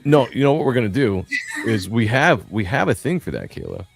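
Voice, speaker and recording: A man's voice: mid-range voice, huge pitch swings, brisk, creaky, breathy edge, no echo, soft background music. A man hosting a casual comics livestream, reading chat aloud and teasing his co-hosts in a laid-back way. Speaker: livestream host.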